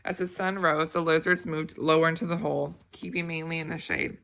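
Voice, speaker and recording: A woman reading a novel aloud at a steady pace, with small slips and restarts. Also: deep voice, brisk, creaky. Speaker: audiobook reader.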